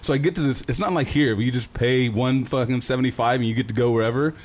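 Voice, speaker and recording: A young man telling a wild story in casual, profane, animated talk. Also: mid-range voice, fast talker. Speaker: guest telling a travel story.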